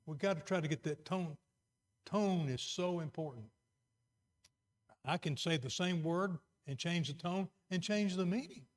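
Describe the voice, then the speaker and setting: A middle-aged man preaching a sermon, moving between quiet, earnest emphasis and raised exhortation. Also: high voice, a little slow.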